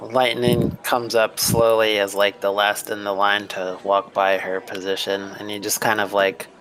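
A man describing his character's actions in a tabletop game, easygoing and low-key. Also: level tone, unhurried, a bit bright, poor audio. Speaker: player.

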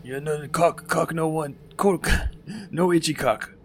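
A man's voice: a little high, slow, slight background noise, voice pushed up. A man voicing a jeering orc thug. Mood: crude. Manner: taunting, jeering. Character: rough male orc thug, mocking and crude.

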